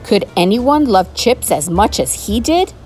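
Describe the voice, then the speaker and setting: A woman reading a children's picture book aloud in an animated, expressive storytelling manner. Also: mid-range voice, measured pace. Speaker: storybook reader.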